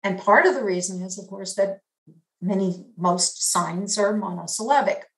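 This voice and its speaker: A woman giving an academic linguistics lecture in a measured, explanatory way, pausing to demonstrate examples. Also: mid-range voice, a bit bright, roomy sound, poor audio.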